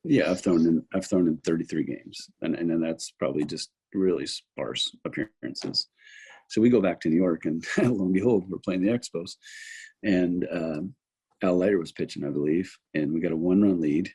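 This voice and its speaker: A man in his fifties, a former pitcher, telling stories in a casual interview and acting out his own thoughts along the way. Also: moderate pace, husky. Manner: animated storyteller who acts out his own remembered thoughts. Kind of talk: casual anecdotal storytelling.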